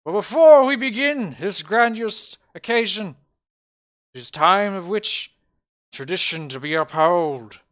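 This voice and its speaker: A man's voice: lively intonation, a little slow, a bit bright. A man voicing a pompous male town mayor who makes grand, formal speeches. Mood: grandiose. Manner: booming, formal, stumbling over grand words.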